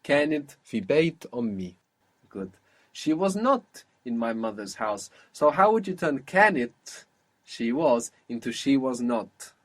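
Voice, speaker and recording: A man's voice: mid-range voice, big pitch swings, normal speed. A man teaching a language lesson, patiently modelling and repeating each phrase for his student.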